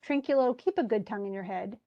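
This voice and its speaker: A woman's voice: medium pitch, fast talker, lo-fi sound, lightly acted. A woman voicing a drunken male servant who plays the lord, scolding his companions. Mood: bossy. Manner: lordly, scolding. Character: drunken bossy male butler acting as lord.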